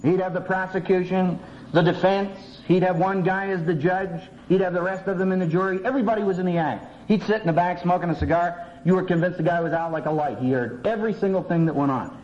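The speaker, a seminary professor, has a high voice and talks quickly. His lively lecture is humorous and animated, with quotes acted out in voices. An old cassette tape carries the recording, dull with a faint hiss.

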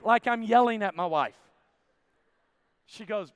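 High-voiced animated preacher from Arkansas. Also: male voice, unhurried, pauses often, clean tone. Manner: animated storytelling, bursts into shouting, drops to quiet intensity. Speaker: camp preacher. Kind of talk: sermon. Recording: long hall reverb.

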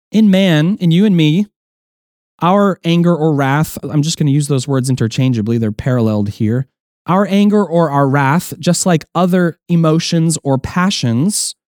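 A man's voice: high-pitched, darkish tone, dry recording, studio quality. A man preaching a sermon as pastor, explaining earnestly, with restarts, and acting out quoted voices.

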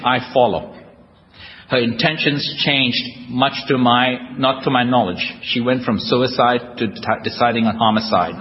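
A man giving a humorous personal recovery talk to a live audience, telling his story with wry, self-deprecating storytelling. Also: medium pitch. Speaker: guest speaker at a recovery convention. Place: large hall before a live audience. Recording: dull lo-fi hall recording with noise.

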